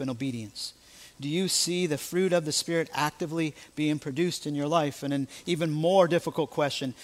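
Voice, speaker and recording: Emphatic American pastor preaching. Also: male voice, on the high side. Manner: emphatic, rhetorical questions, preacherly. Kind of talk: sermon.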